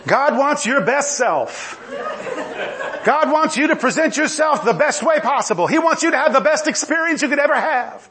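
A cheerful male TV preacher full of soothing, sunny reassurances, as a preacher puts him on. The voice sits higher than the speaker's own and lilts up and down. The speech is bright, easy and comforting. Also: animated, normal speed, a crowd in the background. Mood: cheery.

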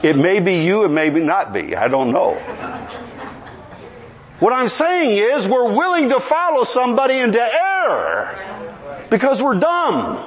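A man's voice: high voice, a little slow, pauses often. A man preaching a sermon, telling a funny story and then building into emphatic preaching, with a congregation answering him. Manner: animated storytelling with humor, rising to emphatic preaching. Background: congregation responding.

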